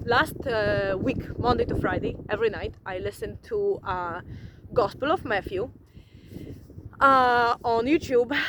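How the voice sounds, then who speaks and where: A woman, vlogging in a casual, profane, animated monologue to camera. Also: fairly high pitch, background noise.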